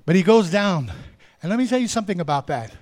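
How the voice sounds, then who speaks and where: Male preacher, higher-pitched, dynamic sermon delivery with hushed lows and shouted peaks. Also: sing-song, fast talker. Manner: swings from hushed asides to loud shouted climaxes; calls out to the congregation.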